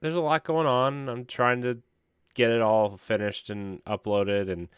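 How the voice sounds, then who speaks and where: A man's voice: mid-range voice, fairly even intonation, a little slow, clear, resonant tone, no echo. A man co-hosting a gaming podcast, tired, joking and laughing through a rambling casual chat. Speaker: podcast co-host.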